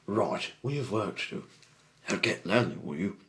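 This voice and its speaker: A man's voice: on the low side, animated, normal speed, fairly bright tone, pitched above the performer's own voice. A man voicing menacing, sneering male diesel engines who kidnap a tugboat in a storybook reading. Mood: scheming. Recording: echoey room.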